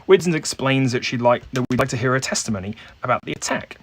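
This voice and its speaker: A man's voice: mid-range voice, lively intonation, fast talker, hardly any pauses, fairly bright tone, husky, no echo. A man playing a detective board game alone, reading the case aloud and musing hesitantly over the leads. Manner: hesitant, musing, many fillers. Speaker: solo game player and narrator.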